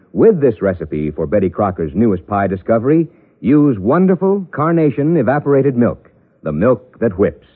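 A man announcing a 1950s radio show and reading ads in a smooth, salesy, emphatic way. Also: mid-range voice. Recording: tinny lo-fi vintage radio broadcast.

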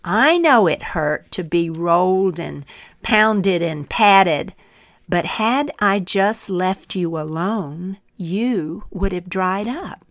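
A woman voicing a gentle, patient potter. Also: on the low side, dry recording. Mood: tender. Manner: calm, measured, sometimes whispered. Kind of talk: storytelling parable.

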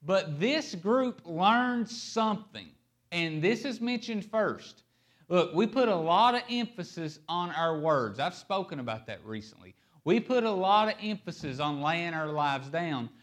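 A man preaching a sermon, stressing key words and shifting his pace and loudness for emphasis. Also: high voice, lively intonation, measured pace. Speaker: pastor.

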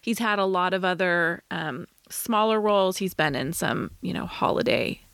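A woman co-hosting a podcast in casual chat, giving firm opinions in a quick, reviewing way. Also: on the low side, animated, vocal fry, a bit bright, clean tone, dry recording. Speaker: podcast co-host.

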